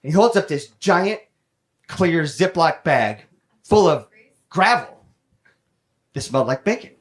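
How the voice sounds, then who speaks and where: A young man doing stand-up comedy, telling a self-mocking story in quick, animated bursts with some swearing, on a comedy stage with a handheld mic. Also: a little high. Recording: loud background noise with audience laughter.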